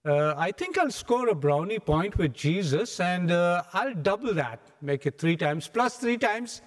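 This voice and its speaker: Brief: man doing a cocky, impulsive apostle, voice pitched up, talk hurried, echoey hall. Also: expressive. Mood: smug. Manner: smug, quick, self-satisfied. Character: smug impulsive male apostle, eager to impress.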